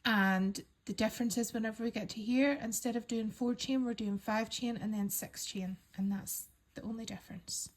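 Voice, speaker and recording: A woman calmly talking learners through a crochet pattern step by step, counting stitches aloud and reassuring them. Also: a little high, moderate pace, hardly any pauses. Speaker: crochet instructor. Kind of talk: step-by-step craft tutorial.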